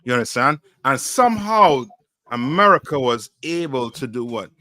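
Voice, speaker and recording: Brief: man, class leader, bright forceful tone, questioning call-and-response, dry sound. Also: mid-range voice, expressive, normal speed, no echo. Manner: questioning, repeats "you know what I mean". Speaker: class teacher.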